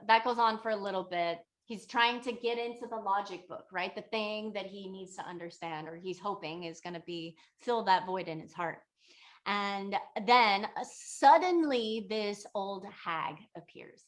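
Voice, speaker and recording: A woman's voice: medium pitch, moderate pace. A meditation teacher, a woman, casually retelling a teaching story with loose, chatty phrasing. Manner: chatty, loose, many fillers like "like" and "you know".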